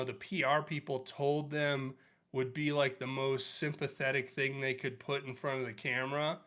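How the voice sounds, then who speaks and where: A man's voice: mid-range voice, sharp tone. A man hosting a livestream, commenting on clips with sarcastic, chuckling asides. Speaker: livestream host.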